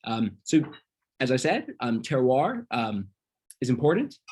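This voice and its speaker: Male instructor, husky tone, loose and filler-heavy delivery, teaching over a video call. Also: mid-range voice, measured pace. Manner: relaxed, many ums, talks through slides. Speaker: wine workshop instructor. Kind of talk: casual online class lecture.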